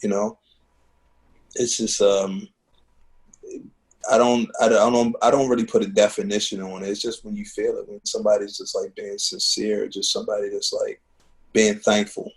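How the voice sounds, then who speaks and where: A man's voice: fairly low pitch, level tone, moderate pace, pauses often, rough recording. A man, a musician and teacher, telling earnest, heartfelt stories in a conversational interview, with lots of "man" and "you know". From Baltimore. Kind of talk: reflective conversational storytelling. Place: home living room.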